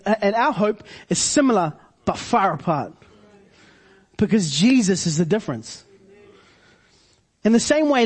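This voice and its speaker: A man delivers a sermon. His voice sits high for a man and has a husky, breathy edge. He leans on slow, deliberate repetition to drive his points home. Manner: preaching with slow emphatic repetitions. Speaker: pastor.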